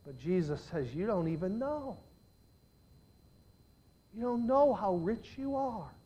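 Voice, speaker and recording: An older man preaching a sermon as a pastor, swinging between hushed, intimate lines and loud, emphatic declarations. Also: high voice, very animated, slow, breathy edge, dull audio.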